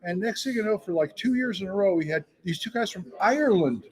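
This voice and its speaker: A man co-hosting a casual live podcast chat, telling animated, jokey stories. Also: sits high, brisk, poor audio. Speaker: podcast co-host.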